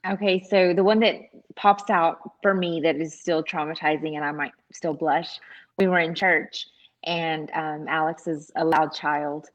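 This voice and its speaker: A woman's voice: deep voice, fairly even intonation, a little slow, highs cut off. A woman co-hosting a casual chat show who laughs as she tells stories. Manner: laughs while telling stories.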